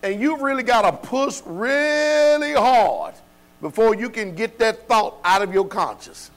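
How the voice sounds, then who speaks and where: Teaching Bible study, this man preaches with emphasis, his fairly high voice animated, a bit bright, and measured in pace. He talks informally, leaving out verbs, and repeatedly poses rhetorical questions to the group. Underneath, a faint electrical hum can be heard.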